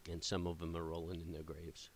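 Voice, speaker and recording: Casual male day trader with a deep, low voice, talking off the cuff through his trades, filler-heavy, excitable. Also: fairly quick, slight background noise. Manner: rambling, many fillers and restarts, excited cheering at the chart. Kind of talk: casual live trading commentary.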